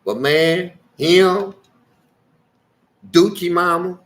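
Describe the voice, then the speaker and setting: An older man, telling colorful stories from his past in a casual, animated way. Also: high-pitched, very slow, a little hiss or hum, low-quality recording. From Louisville, Kentucky. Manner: animated, colorful, acting out voices. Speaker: storyteller guest. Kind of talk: casual storytelling.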